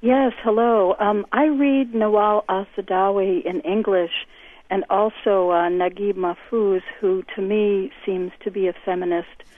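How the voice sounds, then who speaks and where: A woman calling in to a radio show, asking a question haltingly with many fillers. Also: medium pitch, steady tone, no room sound. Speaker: caller. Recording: tinny phone line.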